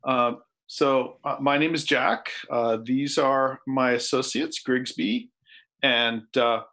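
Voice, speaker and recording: A man's voice: medium pitch, fairly even intonation, takes it slowly, sharp tone. A man playing a tabletop game, speaking hesitantly and politely in character. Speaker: player.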